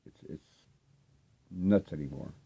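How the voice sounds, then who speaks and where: A very deep, husky, creaky voice with a dark tone belongs to an older man speaking at a measured pace. As a vinyl collecting vlogger, he gives a loose, rambling show-and-tell of his record finds, full of fillers.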